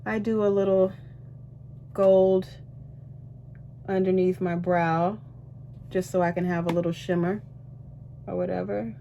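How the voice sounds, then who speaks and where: A woman's voice: lowish voice, a little slow, creaky, pauses often, highs cut off, slight background noise. Chatty woman vlogging from a ship cabin. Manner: chatty, animated, lots of asides to viewers. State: out of breath. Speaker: cruise ship singer and vlogger. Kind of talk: casual vlog chat while doing makeup.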